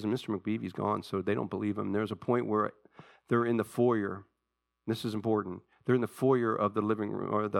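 A man preaching a sermon, telling a story from an old TV show in a conversational way and pausing to ask his congregation questions. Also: lowish voice, vocal fry, fairly bright tone, no room sound, clean studio sound. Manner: conversational storytelling, retells a TV episode with asides to the congregation. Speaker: pastor.

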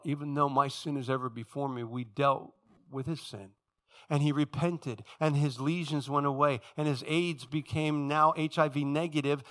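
A middle-aged man preaching a sermon as pastor, swinging from quiet low passages to loud high-pitched exhortation and calling out to his congregation. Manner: calls out to the congregation for responses.

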